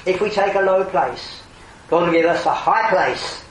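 An older man preaching an earnest evangelistic sermon, his voice swelling to emphatic calls and then falling quiet. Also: high-pitched, animated, moderate pace. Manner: earnest, rising to emphatic exclamations then dropping soft. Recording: roomy hall, distant mic, faint ambience.

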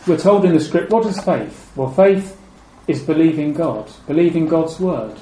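This expressive preacher speaks in a high, warm, mellow voice, keeping his sermon measured. Key phrases get repeated and trail off low and soft, while the echoey room carries faint background noise.

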